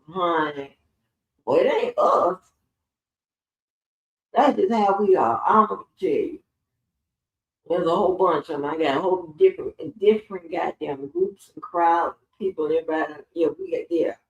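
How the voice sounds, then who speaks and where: A woman runs a laid-back livestream, laughing and swearing as she tells stories. Her lowish voice is expressive and moves at a normal pace, heard through lo-fi, roomy audio recorded away from the mic.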